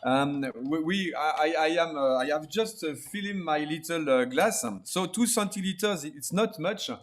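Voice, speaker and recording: A man hosting an online wine tasting over a video call, halting and full of fillers. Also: a little high. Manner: halting, many fillers and restarts. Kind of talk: hesitant live presentation.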